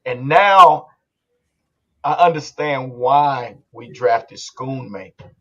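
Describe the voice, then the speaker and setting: A man hosting a casual sports podcast, talking in an animated, rambling way. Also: medium pitch, slow, lo-fi sound. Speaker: podcast host.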